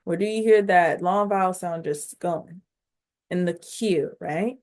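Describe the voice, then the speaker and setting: A woman's voice: on the low side, darkish tone. A woman teaching a phonics lesson on video, speaking directly to her learners, sounding out each syllable and encouraging them along. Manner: slow, instructive, sounding out syllables.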